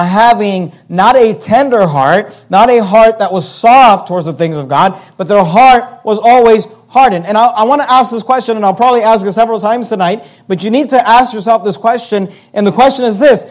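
High-voiced man preaching a sermon. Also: darkish tone. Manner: emphatic preaching, repeats key questions, slows down to stress words. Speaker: pastor. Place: church service.

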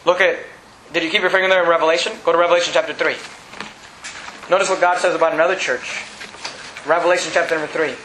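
A man preaching a sermon in a church, emphatic and climbing to high excited peaks as he presses his points. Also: fast talker, pauses often, roomy sound, slight background noise, low-quality recording.

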